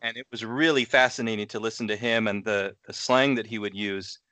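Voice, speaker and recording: A man's voice: fairly low pitch, steady tone, fairly quick, sharp tone, clean tone, dry recording. A man co-hosting a podcast, chatting casually and rambling with lots of fillers. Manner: rambling, many fillers and laughs. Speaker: podcast co-host. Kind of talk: casual chat.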